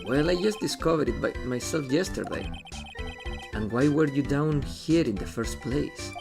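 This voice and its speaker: A man reading as an excitable, lovesick young man who rambles and whines about his luck. The voice is gravelly at the edges. Game music plays clearly behind him. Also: medium pitch, moderate pace, lightly acted. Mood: whiny.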